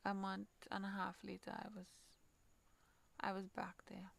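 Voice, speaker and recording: A woman with a Trinidadian accent hosting a podcast, telling a personal story in a halting way, repeating words, swearing and sometimes dropping almost to a whisper. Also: medium pitch, completely flat delivery, gravelly. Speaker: podcast host.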